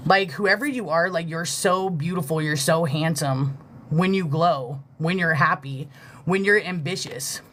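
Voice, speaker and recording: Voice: medium pitch, unhurried, a bit bright, slight background noise. Heartfelt, loosely rambling live reader. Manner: loose, heartfelt, swears freely, heavy filler "like"; thanks viewers for gifts mid-reading. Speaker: livestream spiritual reader. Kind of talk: casual live-stream intuitive reading.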